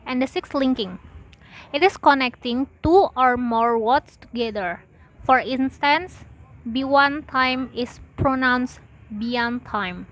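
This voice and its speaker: A woman's voice: high-pitched, a bit bright, a little hiss or hum, rough recording. A young woman, a student, reading out a class presentation in a careful, list-like way. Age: young adult. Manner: slow, careful, list-like delivery.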